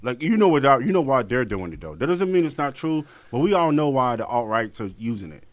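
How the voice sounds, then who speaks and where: A young man co-hosting a podcast, talking casually and profanely, swinging from low mutters to high outbursts. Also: sing-song, a little fast, dry recording. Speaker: podcast co-host. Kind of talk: casual chat.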